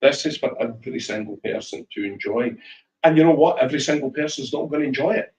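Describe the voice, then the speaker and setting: A Scottish man telling lively whisky stories as a guest speaker at a tasting, acting out voices as he goes. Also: medium pitch, quick pace, reverberant, distant mic, rough recording. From Scotland. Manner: animated storyteller, acts out voices in anecdotes. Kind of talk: live storytelling chat at a tasting. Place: shop tasting room.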